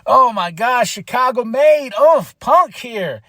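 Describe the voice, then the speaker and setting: A man with a high-pitched voice hosts his own podcast, talking through a wrestling show in a loose, excitable solo review. He laughs often and jumps into acted-out reactions. The sound is close and dry, with no room echo. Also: slow pace. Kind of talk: casual solo review monologue.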